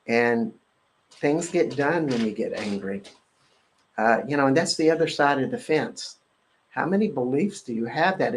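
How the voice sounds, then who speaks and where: Guy hosting a clearing session, mid-pitched voice, lots of ums and uhs, keeps chanting the same clearing phrase. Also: rough recording. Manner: repeats a chant-like clearing phrase, halting with fillers. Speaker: host and energy-clearing practitioner. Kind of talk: guided energetic clearing talk on a live show.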